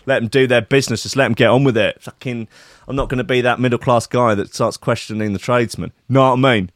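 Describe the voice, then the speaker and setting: A young man hosting a casual livestream, rambling and swearing with sudden loud outbursts. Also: medium pitch, steady tone, fast talker, no echo, clean studio sound. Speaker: livestream host. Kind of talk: casual profane livestream commentary.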